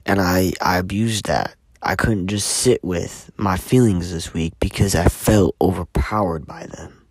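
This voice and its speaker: A man talks through his week in a candid, emphatic vlog, cursing freely and sinking to hushed near-whispers at times. His voice sits low. The recording is dry and close, with no room sound. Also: unhurried, husky, no room sound. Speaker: vlogger. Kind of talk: candid personal reflection to camera.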